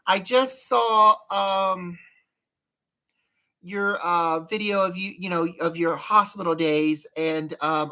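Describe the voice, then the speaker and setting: A woman's voice: fairly low pitch, fairly even intonation, slow, pushed and bright. A woman chatting casually on a live stream while doing her makeup, rambling and greeting viewers by name.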